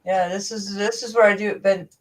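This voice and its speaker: A woman's voice: medium pitch, fairly even intonation, moderate pace, distant mic. A woman hosting a livestream in casual chat, rambling and cutting herself off mid-sentence. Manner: rambling, self-interrupting. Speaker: livestream host. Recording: voice a bit off-mic.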